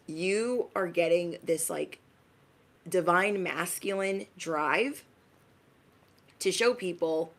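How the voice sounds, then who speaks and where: A woman's voice: mid-range voice, slow pace. A woman giving a casual spiritual message to her viewers as an intuitive reader, in a chatty, emphatic, slangy way.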